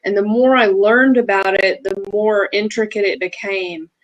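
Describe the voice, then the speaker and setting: A woman's voice: mid-range voice, steady tone, normal speed, low-quality recording. Southern woman chatting on a video call. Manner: chatty, talks at length with small restarts. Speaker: guest, feng shui practitioner. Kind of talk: casual interview chat.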